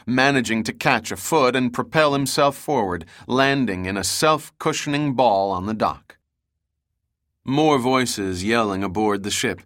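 A man narrates a thriller audiobook in a bright, forceful voice. The sound is dry and close, with no room around it. His delivery stays steady and dramatic. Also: mid-range voice, dry recording. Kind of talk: scripted action narration.

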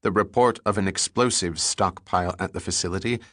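A man doing a crisp Hebrew-accented commando. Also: low voice, a little fast, fairly bright tone, no room sound, clean studio sound. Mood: stern. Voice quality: crisp, clipped. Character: stern male Israeli commando officer.

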